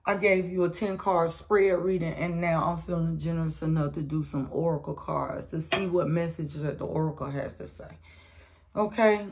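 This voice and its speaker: This tarot reader is a woman with a low-pitched, slightly mellow voice and a flat delivery, moving at a moderate pace with few pauses. Her collective reading is casual and blunt, full of slang and swearing, and she addresses listeners as sweetheart.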